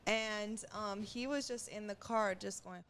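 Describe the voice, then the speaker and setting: A woman's voice: mid-range voice, steady tone, measured pace, fairly bright tone. A woman co-hosting a podcast, talking casually with lots of fillers and an occasional curse. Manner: chatty with frequent "like" fillers and cursing. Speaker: podcast co-host. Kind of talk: casual chat.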